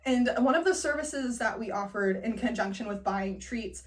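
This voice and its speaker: A young woman from Northern California telling a funny personal story, animated and laughing often as she acts out the people in it. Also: fairly high pitch, normal speed, recorded from a distance. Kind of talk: personal storytelling, class assignment.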